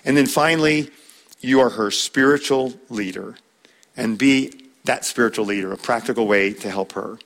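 A man's voice: medium pitch, normal speed, fairly bright tone. A man teaching a church class on marriage, talking in a conversational way, repeating words and using fillers.

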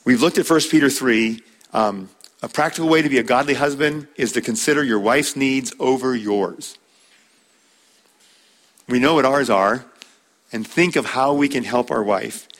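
A man's voice: mid-range voice, moderate pace, long pauses, a bit bright. A man teaching a church class on marriage, talking in a conversational way, repeating words and using fillers.

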